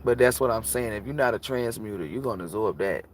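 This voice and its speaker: A man's voice: fairly low pitch, lively intonation, fast talker, slight background noise. A man who reads tarot, talking bluntly and casually on a livestream and preaching about energy with plenty of swearing. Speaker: tarot reader.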